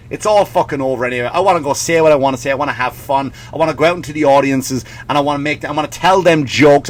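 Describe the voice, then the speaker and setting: A man's voice: on the high side, fairly bright tone. A male comedian and podcast host delivering a profane, sarcastic comic rant, possibly, slipping in mocking voices.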